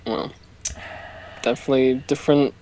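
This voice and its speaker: A man's voice: medium pitch, fairly even intonation, normal speed, dark tone, poor audio. A teenage boy co-hosting a podcast, agreeable and steering the late-night casual talk. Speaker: podcast co-host.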